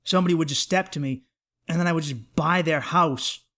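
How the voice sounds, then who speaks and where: A man's voice: on the high side, a little fast, sharp tone. A man hosting a comedy podcast, ranting in a worked-up, profane, emphatic way.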